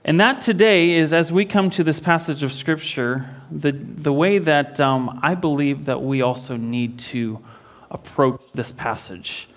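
Give me a man with a somewhat high voice preaching a sermon in a church. He tells the story earnestly and often repeats a word as he restarts a phrase. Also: unhurried. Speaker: pastor.

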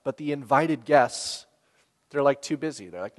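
A man preaching a sermon in a relaxed, conversational way, asking the listeners questions and laughing now and then. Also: a little high, moderate pace. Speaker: pastor. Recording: long hall reverb.

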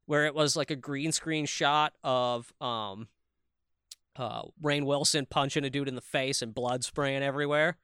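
A man co-hosting a podcast in casual chat, excitable and swearing freely with quick asides. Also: mid-range voice, smooth, no room sound, studio quality. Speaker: podcast co-host.

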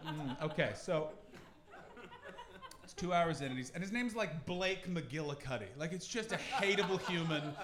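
A Canadian man doing a stand-up comedy set at a London pop-up venue, animated and sweary, with bursts of shouting. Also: on the high side, moderate pace. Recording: echoey live venue, audience noise.

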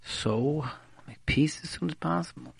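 A man's voice: on the high side, measured pace, vocal fry, breathy edge. A man giving informal marriage advice on the radio, repeating key words for emphasis and mixing in Hebrew and Yiddish terms.

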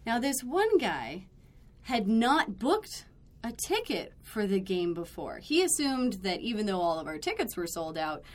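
A woman on a podcast telling a work story in casual chat, animated, acting out quoted lines and adding blunt, dry asides. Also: medium pitch, a little slow.

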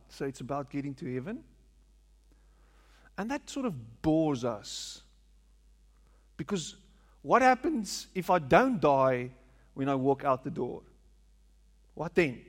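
A man preaching a sermon, repeating phrases for emphasis and asking rhetorical questions in a large hall. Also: fairly high pitch. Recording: long hall reverb.

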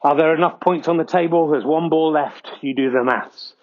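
A man hosting a comedy podcast, giving mock-earnest snooker commentary with frequent excited exclamations. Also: on the high side, normal speed, dull audio. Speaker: host doing mock sports commentary.

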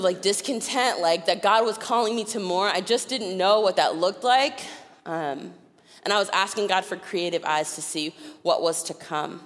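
A woman preaching a sermon, telling personal stories with animated delivery and frequent laughter. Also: fairly low pitch, big-room sound. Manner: animated, acts out voices in her stories, laughs often. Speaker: guest preacher. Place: church sanctuary.

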